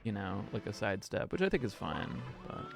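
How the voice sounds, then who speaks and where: A young man with a lowish, gravelly voice and wildly swooping pitch chats a little fast on a live stream, with music playing underneath. He rambles and swears, dropping lots of fillers and laughs.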